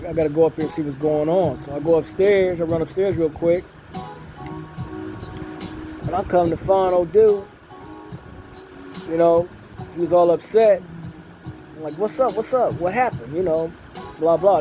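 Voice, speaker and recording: A middle-aged man, unhurried, with many fillers and repeated words. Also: a little high, rough recording. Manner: unhurried storyteller with a drawl, many fillers and repetitions. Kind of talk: casual storytelling. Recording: music playing in the background.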